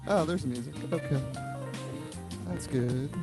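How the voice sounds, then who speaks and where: A man running a live online tai chi class, chatting casually as he sets up the stream, then calmly cueing posture. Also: on the high side, unhurried. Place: home room, on a video stream. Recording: live stream audio with music underneath. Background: music playing.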